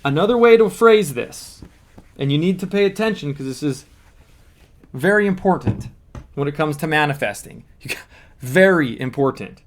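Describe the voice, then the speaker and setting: High-voiced man coaching on manifesting. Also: lively intonation, a little fast. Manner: earnest, explaining step by step with repeated emphasis. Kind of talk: motivational teaching monologue.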